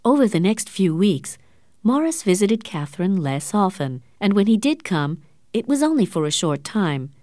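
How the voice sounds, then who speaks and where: A woman narrating an audiobook story with clear, expressive storytelling. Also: mid-range voice, moderate pace, dry recording, clean studio sound.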